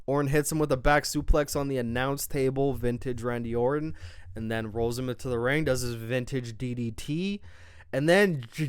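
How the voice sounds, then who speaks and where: A young man rattles off a wrestling recap in a loose, profane, excited way. His voice sits a little high and comes through clear and smooth. The sound is dry, close to the mic. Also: no room sound. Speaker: wrestling show reviewer. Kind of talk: casual recap of a wrestling show.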